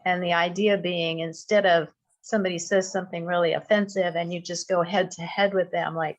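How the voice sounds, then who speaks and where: A woman in a church class sharing a thoughtful comment, measured with pauses. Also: lowish voice, steady tone, poor audio. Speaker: class participant.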